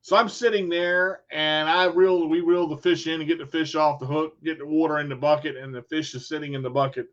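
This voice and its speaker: A man telling a casual, animated story in folksy phrasing, acting out what people said. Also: on the high side, a little fast, hardly any pauses. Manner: animated storyteller, acts out quotes. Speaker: vlogger. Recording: dull lo-fi sound.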